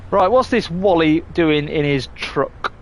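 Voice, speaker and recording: A man talks slowly and casually as he streams a driving game, rambling and restarting his sentences with the odd mild curse. A faint hum sits under his voice. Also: a little high. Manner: chatty, rambling, stumbling restarts, mild swearing. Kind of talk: casual live gameplay chat.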